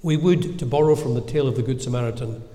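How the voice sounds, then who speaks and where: A man preaching a sermon in a measured, gentle, earnest way, with reflective pauses. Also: mid-range voice. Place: church. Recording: echoey church with long reverb.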